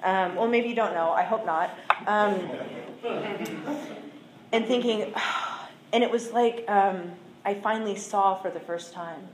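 A woman's voice: medium pitch, unhurried, pauses often. A woman giving a candid, earnest personal testimony as a recovery speaker, talking plainly with fillers. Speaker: recovery speaker sharing her story. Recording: echoey room with faint noise.

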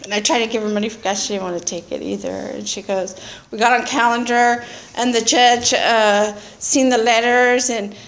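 At a recovery meeting, a woman with a slightly high voice talks at normal speed as she shares her story. She's frank and earthy, telling it with animation and laughing a lot.

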